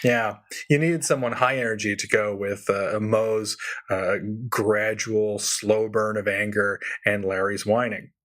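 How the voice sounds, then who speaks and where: A man co-hosting a podcast, chatting casually and animatedly, laughing often with quick asides. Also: fairly low pitch, steady tone, a bit bright. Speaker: podcast co-host. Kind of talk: casual chat.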